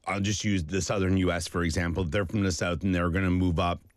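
A man hosting a casual chat, asking questions and speaking in a measured, agreeable way. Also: low-pitched, flat delivery, dry recording, clean studio sound.

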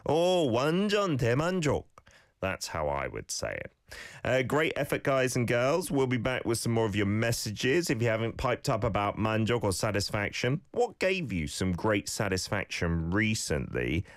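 A man hosting a radio language lesson, encouraging listeners and modelling phrases with lively emphasis. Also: fairly low pitch, no room sound, clean studio sound. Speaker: radio host teaching Korean phrases.

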